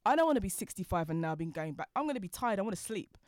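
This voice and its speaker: Brief: woman, quick animated storyteller, mid-pitched voice in a dry room. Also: no echo. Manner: fast-talking, lively, laughs as she tells stories. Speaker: guest, designer.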